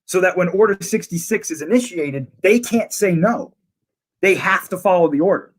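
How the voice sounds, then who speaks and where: Higher-voiced man recapping a show eagerly. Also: lively intonation, normal speed. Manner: enthusiastic, retells scenes in detail. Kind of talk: casual chat.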